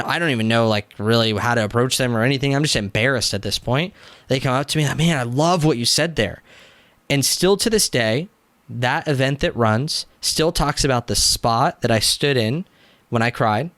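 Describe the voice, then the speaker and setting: A young man, a business coach, telling his story in a casual interview, animated, acting out quotes and using "like" often. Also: mid-range voice, dry recording. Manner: animated, acts out quotes, frequent "like" fillers.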